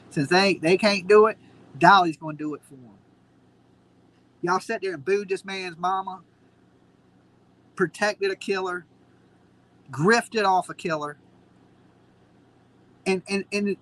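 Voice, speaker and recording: A man's voice: sits high, pushed and bright, rough recording. A man hosting a live stream, ranting in a mocking, combative way. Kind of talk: heated casual commentary.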